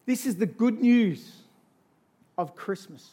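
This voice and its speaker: Man, pastor, sermon, fairly high voice, emphatic repetition, soft storytelling to loud exhortation. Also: takes it slowly.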